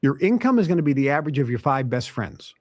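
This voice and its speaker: A man's voice: mid-range voice, big pitch swings, fast, no echo, studio quality. A man hosting a self-help podcast who gives motivational advice in an emphatic way, listing points and repeating them. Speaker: podcast host.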